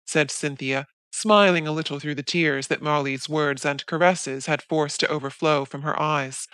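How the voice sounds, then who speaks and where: A woman narrating a classic novel for an audiobook in a measured, even reading. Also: sits low, no echo, clean studio sound.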